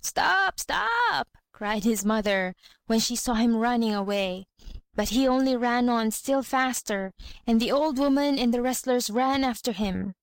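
A woman narrates a storybook folk tale in a fairly high voice. Her reading is even, clear and unhurried. The sound is dry and close, with no room echo. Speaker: reader.

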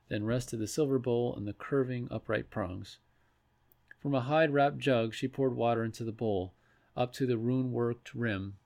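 A man reading a fantasy story aloud in a measured way, with a few restarts. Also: medium pitch, creaky, a little mellow. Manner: measured, with occasional slips and restarts. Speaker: narrator. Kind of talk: storybook read-aloud narration.

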